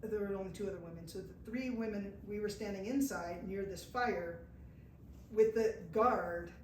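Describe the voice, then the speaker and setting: Her voice sits at a medium pitch, a little mellow, and she speaks at a moderate pace. Before an audience in an indoor event room, the American woman tells a travel tale, acting out quoted people and chuckling at herself. The recording is far-off and echoey, with faint noise.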